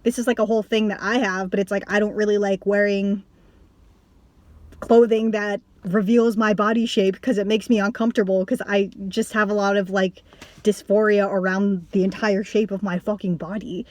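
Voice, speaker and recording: A woman's voice: mid-range voice, moderate pace, no echo. Rambling young woman vlogger, dry sound. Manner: rambling, full of "like" and restarts, swearing; animated with bursts of laughter. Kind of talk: casual storytelling to camera.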